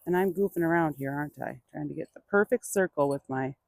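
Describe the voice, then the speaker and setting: A woman's voice: deep voice, quick pace, gravelly, dry recording, clean studio sound. Patient woman coaxing a burro. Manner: patient, coaxing the animal in a soft voice between explanations to viewers. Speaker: burro trainer. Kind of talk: hands-on training demonstration.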